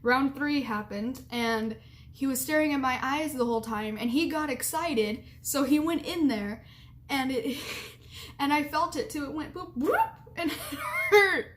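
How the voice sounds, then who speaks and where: High-voiced woman, frank and giggly. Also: measured pace. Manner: frank and blunt, giggly, with lots of "like". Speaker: vlogger. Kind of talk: candid storytelling and advice.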